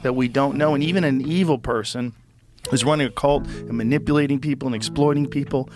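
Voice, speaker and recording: A man's voice: medium pitch, brisk. A man hosting a podcast, musing aloud and asking curious questions. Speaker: podcast host. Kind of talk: casual conversation. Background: guitar music.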